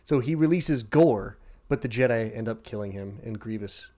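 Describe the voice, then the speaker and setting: A man co-hosting a casual podcast, recapping a story over beers with heavy swearing. He jumps into quick shouted impressions. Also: lowish voice, lively intonation, a crowd in the background. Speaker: podcast co-host.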